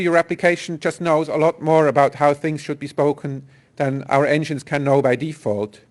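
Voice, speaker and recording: A man giving a technical conference talk, explaining step by step with some fillers and restarts. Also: a little high. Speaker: software engineer presenter.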